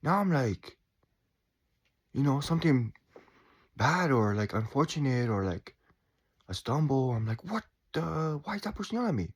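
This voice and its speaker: A man in his forties talking in a calm, reflective way about staying chill, with sighs and quiet asides. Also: medium pitch, moderate pace, pauses often, breathy edge. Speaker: spiritual vlogger. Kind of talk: casual reflective monologue.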